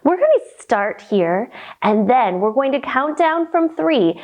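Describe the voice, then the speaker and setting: Woman, kids' yoga storytime teacher, unhurried, bouncy high voice, gentle. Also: big pitch swings, dull audio. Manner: gentle, playful, slow sing-song guiding.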